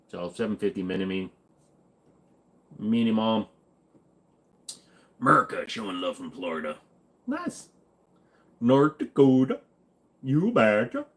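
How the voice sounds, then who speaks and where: Male streamer from Virginia, low-ish voice, crude and jokey, casual chat with viewers. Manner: crude, joking, reads chat aloud. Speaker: live stream host.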